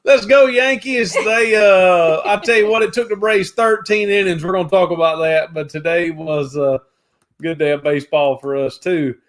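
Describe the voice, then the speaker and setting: A chatty man, his voice sitting high for a man. He hosts a casual live chat, greeting viewers one by one in a warm, folksy drawl. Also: normal speed. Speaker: livestream co-host.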